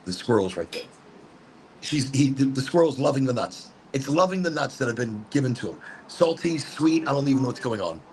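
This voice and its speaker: A man's voice: medium pitch, a little hiss or hum. A man hosting a casual motivational smoke session outdoors in a garden, rambling and upbeat with a preachy streak. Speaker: host. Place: outdoors in a hot botanical garden.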